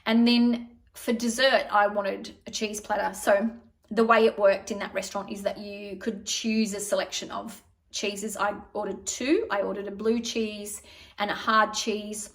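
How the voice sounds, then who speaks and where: Talking to camera a little slowly, a middle-aged vlogger wanders through warm, chatty stories in a casual, digressive way. Her mid-range voice has a flat delivery, and she sits far from the mic.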